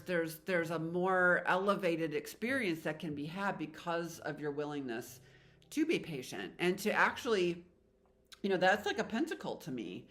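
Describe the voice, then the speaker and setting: Tarot reader, woman, rambling and heartfelt, bright clear tone. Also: low-pitched. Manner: chatty, rambling, emotional, spiritual. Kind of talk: casual tarot reading to viewers.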